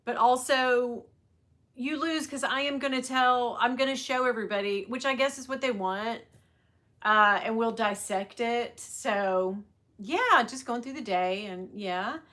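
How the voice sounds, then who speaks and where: A woman's voice: on the high side, measured pace, fairly bright tone. A middle-aged woman chatting casually on a livestream, rambling and greeting viewers by name. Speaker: livestream host selling bags. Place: at work on a sales floor.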